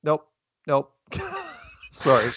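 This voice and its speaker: A man hosting a call-in show, talking casually in a rambling, animated way and often restarting his sentences. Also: mid-range voice, very slow, dry recording. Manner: rambling, animated, self-interrupting. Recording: dull, lo-fi phone-style sound.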